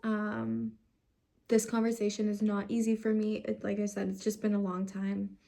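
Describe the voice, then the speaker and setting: A woman's voice: mid-range voice, monotone, normal speed, creaky, warm tone. Frustrated young woman close to tears. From United States. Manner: emotional, frustrated, swears, fights back tears. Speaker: vlogger. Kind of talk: personal story to camera.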